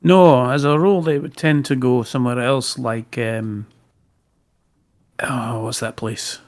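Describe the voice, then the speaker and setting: A man voicing a gruff male dwarf blacksmith who talks in a hesitant, folksy way in a tabletop role-play. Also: mid-range voice, fairly even intonation, measured pace, darkish tone, natural voice. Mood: helpful.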